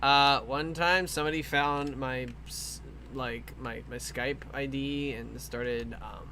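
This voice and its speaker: A man hosting a casual group chat while drawing on stream, animated and often laughing. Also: medium pitch, takes it slowly, a little hiss or hum. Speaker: streamer host.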